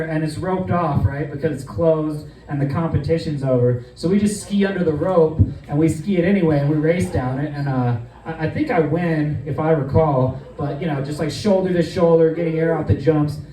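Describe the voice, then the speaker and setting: A man's voice: on the high side, mellow, reverberant, distant mic, poor audio. A man telling a loose, profane comedic story, rambling along with plenty of fillers.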